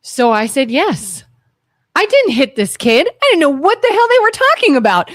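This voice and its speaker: A woman co-hosting a live call-in talk show, with a fairly high voice that jumps all over as she tells her stories. She acts out the people in them. The sound is dry and close, with no room echo. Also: sing-song, normal speed. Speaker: co-host. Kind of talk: casual talk-radio chat.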